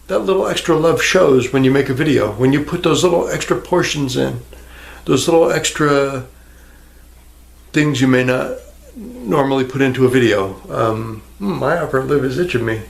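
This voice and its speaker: Sarcastic rambling man with gravelly voice. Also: medium pitch. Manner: sarcastic, rambling, swears freely, talks to the viewer. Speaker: vlogger. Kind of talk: rambling casual rant to camera.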